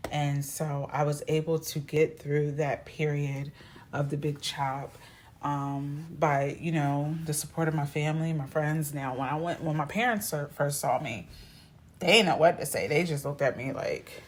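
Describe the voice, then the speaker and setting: Woman, low voice, chatty, animated, personal story vlog. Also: moderate pace, slight background noise. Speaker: vlogger. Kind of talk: casual storytelling to camera.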